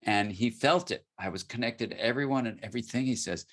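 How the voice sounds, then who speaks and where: This is a US guest expert telling a story as he answers an interview question. He speaks briskly at a medium pitch, yet stays soft-spoken, dropping nearly to a murmur.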